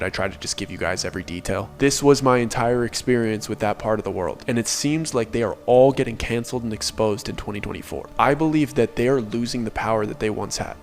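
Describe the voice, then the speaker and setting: A young man telling a personal story to his channel in an earnest, conversational way, with frequent filler "like". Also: fairly low pitch. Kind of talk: casual first-person storytelling.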